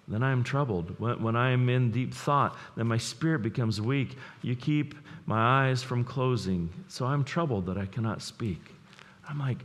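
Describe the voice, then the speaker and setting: A male pastor delivers his sermon in an earnest, conversational manner. His voice sits in the middle range, neither low nor high. A long reverb trails after each phrase, as in a large church hall.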